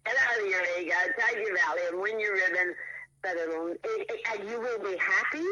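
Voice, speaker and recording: A man, a riding coach, telling a story in a casual interview, animated and changing his pace often. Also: high voice, normal speed, poor audio.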